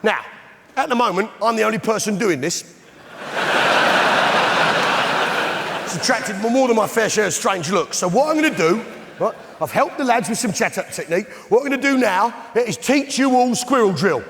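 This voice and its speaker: A man's voice: sits high, lively intonation, normal speed, long pauses, long reverb tail, noisy background. A middle-aged English man doing stand-up in a blustering, bellowing, indignant manner, working a live audience. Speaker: stand-up comedian in pub landlord character. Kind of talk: stand-up comedy. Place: large theatre with live audience. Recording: live theatre recording with crowd laughter. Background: audience laughter.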